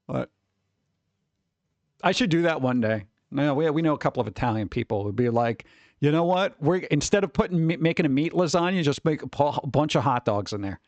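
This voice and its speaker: A man's voice: on the high side, expressive, normal speed, long pauses, a little mellow, no echo. Chatty rambling male streamer, dry sound. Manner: rambling, swearing, chuckling. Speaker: streamer host. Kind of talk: casual chat.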